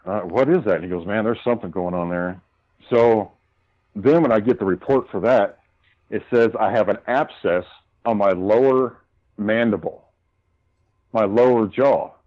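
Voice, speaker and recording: Man, lowish voice, guest telling a story, heated and swearing, dull lo-fi sound. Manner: heated, profane retelling of arguments. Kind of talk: casual storytelling.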